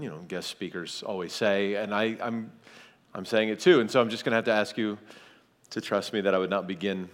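A man in his forties from Kentucky, a guest preacher giving a sermon with friendly, joking asides to the congregation. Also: lowish voice. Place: large church hall. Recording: long church hall reverb.

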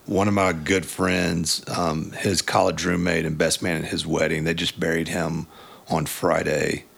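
A man with a very deep, gravelly voice and a husky edge hosts the conversation. He talks in a reflective, conversational way, picking up on what his guest just said. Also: little pitch movement, measured pace, fairly bright tone. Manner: reflective, follows up on the guest's points. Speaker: podcast host. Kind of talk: conversational interviewing.

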